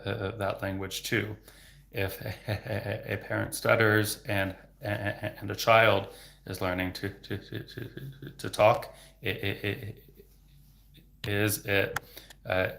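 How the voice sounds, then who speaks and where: A man's voice: lowish voice, creaky, pushed and bright. A man who stutters heavily, repeating sounds and words, answering questions casually as a livestream host. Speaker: livestream host and speech therapist.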